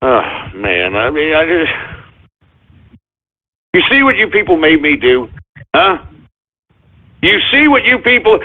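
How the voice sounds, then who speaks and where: A man hosting a raucous comedic radio show, his husky voice riding high and leaping all over the place. He rants and swears, breaking into shouted apologies again and again. The sound is thin and tinny, like a phone line. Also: wildly swooping pitch, a little slow, pauses often. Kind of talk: comedic call-in radio rant.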